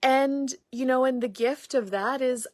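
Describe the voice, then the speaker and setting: Middle-aged woman host, higher-pitched, rambling casual monologue, close and dry. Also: a little slow, dry recording. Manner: chatty, meandering, acts out quoted dialogue. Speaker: podcast host and facilitator.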